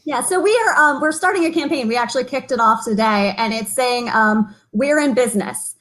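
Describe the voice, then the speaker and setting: A woman's voice: a little high, fairly bright tone. A woman chamber of commerce president as a guest, chatting upbeat and talkative over a video call. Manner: upbeat, talkative, quick to laugh. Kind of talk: casual interview chat.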